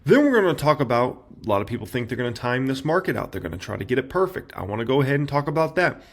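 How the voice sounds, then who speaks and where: A man in his thirties hosting an investing channel, talking straight to his viewers in an animated, casual way. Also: mid-range voice, racing, gravelly. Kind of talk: casual reaction commentary.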